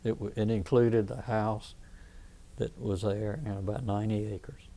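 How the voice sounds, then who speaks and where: A man's voice: fairly low pitch, flat delivery, moderate pace, gravelly, dark tone. A man in his eighties with a Southern US accent, telling rambling stories in an oral history interview, often restarting his sentences. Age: 80s. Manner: rambling anecdotal storytelling, frequent restarts. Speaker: veteran interviewee.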